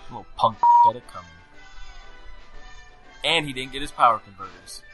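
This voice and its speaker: A man's voice: mid-range voice, animated, normal speed, pushed and bright, soft background music. A man in his thirties, a podcast co-host, chatting casually in a rambling, joking way full of fillers. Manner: rambling, filler-heavy, jokey. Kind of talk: casual chat.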